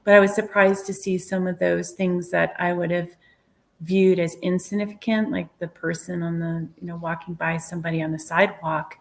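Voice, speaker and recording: Earnest woman recounting with hushed asides. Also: fairly low pitch, level tone, moderate pace, gravelly. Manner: earnest, reflective, with soft whispered asides. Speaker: guest medium sharing a near-death experience. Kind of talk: storytelling in an interview.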